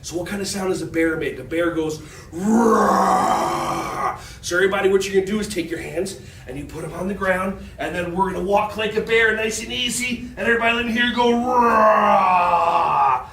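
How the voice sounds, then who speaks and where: A man's voice: high voice, racing, few pauses, noisy background. A man leading a children's movement class, upbeat and playful, coaxing the kids along with animal sound effects. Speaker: children's fitness instructor. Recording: roomy echo, from a distance.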